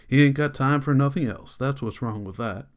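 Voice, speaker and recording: A man's voice: mid-range voice, moderate pace, close to an everyday voice. A stubborn old country preacher, righteous and insistent, read by a man. He repeats his points in a preachy, reproachful way. It is an audiobook reading of a novel. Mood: indignant. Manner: preachy, insistent, rural Southern speech.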